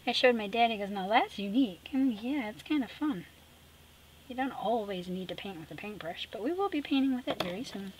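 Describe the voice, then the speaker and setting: A woman's voice: fairly high pitch, expressive, brisk, noisy background. Playful middle-aged woman demonstrating painting. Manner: playful, chatty, teasing, with soft whispered asides. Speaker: art tutorial host.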